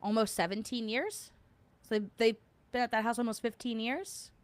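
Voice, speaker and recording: A woman's voice: on the high side, moderate pace, dry recording. A woman in her thirties hosting a casual lunch-break chat, rambling and laughing with many likes and fillers. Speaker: podcast host.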